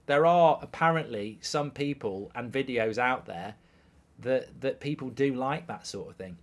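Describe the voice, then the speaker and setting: A man's voice: medium pitch, normal speed. A man hosting a live football watchalong, chatting crudely and jokingly, reading out viewer messages and scores.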